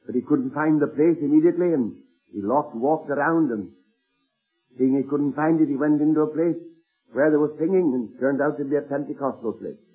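Husky male preacher on a tinny tape. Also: on the high side. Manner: earnest anecdotal retelling with slowed emphasis. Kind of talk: sermon storytelling. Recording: tinny phone-like old sermon tape.

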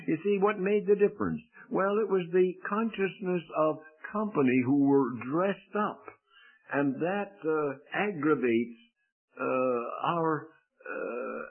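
A man's voice: fairly high pitch, husky. A man preaching a sermon, dramatic, telling a story with quoted voices. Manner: dramatic, swings from slow to fast. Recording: tinny phone-like radio broadcast.

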